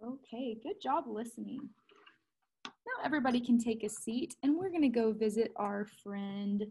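In a husky, fairly high and expressive voice at a normal pace, a woman who teaches kindergarten music gently and patiently walks small children through a recorded lesson using simple words. The audio quality is poor.

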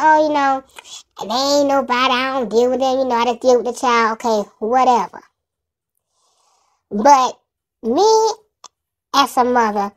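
A woman's voice: high voice, rough recording. A woman giving blunt, plain-spoken casual commentary on a radio segment. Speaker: commentator reacting to a radio clip.

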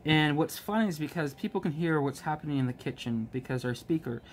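A man chatting casually about his work as a restaurant manager, rambling with many ums and restarts and getting animated when he quotes people. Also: a little high, brisk, a little hiss or hum. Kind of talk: casual storytelling while crafting.

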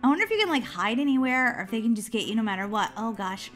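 A woman hosting a gaming channel, chatting excitedly through a video game and squealing when she is chased. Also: on the high side, racing, faint music behind. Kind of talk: playing a video game with commentary.

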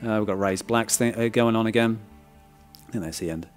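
A man's voice: fairly low pitch, a little fast, faint music behind. A man giving a frank, casual review of a film disc, often checking in with "right?" and restarting his words.

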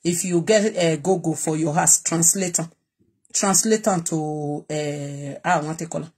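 A woman's voice: low-pitched, measured pace, darkish tone, breathy edge. Defiant Nigerian woman from Edo. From Edo State, Nigeria. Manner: switches between Pidgin and Edo dialect, challenging and defiant. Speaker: vlogger. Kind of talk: direct-to-camera live video rant.

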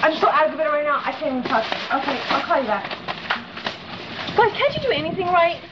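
A woman's voice: sits high, big pitch swings, brisk. A woman playing a spoiled, bossy rich wife in a scripted comedy skit, whiny and chatty. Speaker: wrestling boss's wife in a skit. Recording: dull lo-fi, loud hiss.

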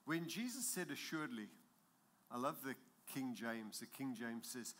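A man's voice: medium pitch, lively intonation, normal speed, fairly bright tone. A man preaching a sermon as pastor, with an accent, emphatic and building in intensity, chuckling at his own jokes.

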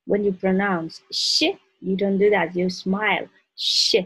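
A language teacher with a Russian accent patiently works through the alphabet, saying each letter and an example word, then repeating them. Her mid-range voice is flat, unhurried and slightly breathy, and the audio quality is poor.

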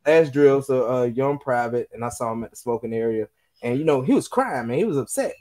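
Profane, animated man telling stories. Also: mid-range voice, brisk. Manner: profane, animated storytelling with quoted voices. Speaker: podcast co-host. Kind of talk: casual podcast chat.

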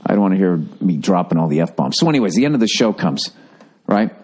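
A man's voice: sits low, big pitch swings, quick pace, a little mellow, slightly rough. A man, ranting casually and profanely as a podcast host at home. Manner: profane, exasperated, mocks others in put-on voices. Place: home room with birds chirping outside.

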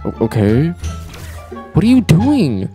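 A young man streaming a fighting game, cursing at the characters and going from low muttering to shrieks. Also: huge pitch swings, takes it slowly, dark tone. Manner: profane, trash-talks the fighters, swings from low muttering to shrieks. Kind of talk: live gameplay commentary. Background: game music.

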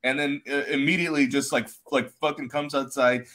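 A man's voice: mid-range voice, fairly even intonation, fairly quick, a bit bright. A man hosting a casual live-streamed chat from home, telling stories in a rambling, profane way. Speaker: podcast host.

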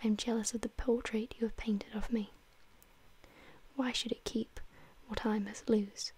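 A woman's voice: fairly high pitch, little pitch movement, measured pace, a little mellow, slightly rough. A woman whispering the part of an anguished, vain young man in a whispered role-play reading.

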